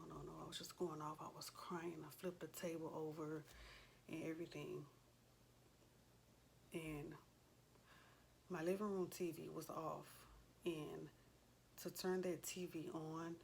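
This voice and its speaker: A woman's voice: deep voice, gravelly, a little hiss or hum. A woman in her forties, a vlogger, talking in an earnest, heartfelt, conversational way with frequent fillers. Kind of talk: casual chat.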